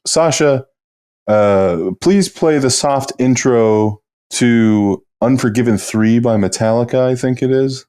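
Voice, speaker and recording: A man's voice: medium pitch, slow, darkish tone, smooth. A man co-hosting a casual comedy podcast, making crude, dry wisecracks. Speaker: podcast co-host.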